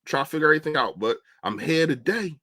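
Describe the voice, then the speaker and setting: A man's voice: on the high side, expressive, fast talker, pushed and bright, no echo. A young man on a casual football livestream, chatting animatedly and answering viewers' comments. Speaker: livestream host. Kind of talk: casual live-stream football talk.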